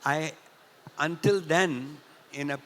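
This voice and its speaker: An older man from Punjab tells a story at a festival talk, often clearing his throat. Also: on the high side, a bit bright, slight background noise. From India, Punjab. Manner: clears throat often, unhurried anecdotal retelling. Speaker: festival speaker. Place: large hall at a literature festival. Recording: reverberant hall.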